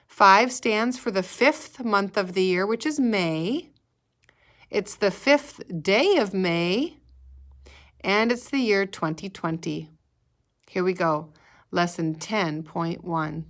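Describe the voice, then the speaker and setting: Slow, patient kindergarten teacher woman. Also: medium pitch. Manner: slow, patient, sing-song prompting for children to repeat. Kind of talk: recorded remote lesson.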